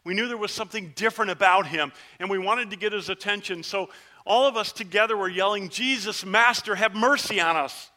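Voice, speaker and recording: A man with a high-sitting voice speaks fast as a leper, one of ten, recounting his own story in a dramatic first-person sermon. The tone is earnest and the telling vivid, with the plea shouted and then a hush.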